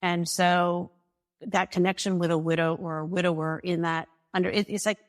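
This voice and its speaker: A woman guest telling a personal story in conversation, animated and acting out the dialogue she recounts, laughing often. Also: on the low side, moderate pace.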